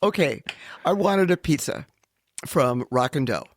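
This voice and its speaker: Animated older woman telling a story. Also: low-pitched, a little slow, no room sound, clean studio sound. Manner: animated, theatrical storyteller, laughs often. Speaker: podcast co-host. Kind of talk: casual storytelling chat.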